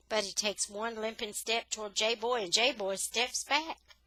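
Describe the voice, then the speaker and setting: A woman reads a children's novel aloud for English learners. She takes her time, slow and careful, acting out the feelings of the story with a bright, clear voice. The recording is close and dry. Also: fairly high pitch, no room sound, low-quality recording. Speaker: reader, English tutor.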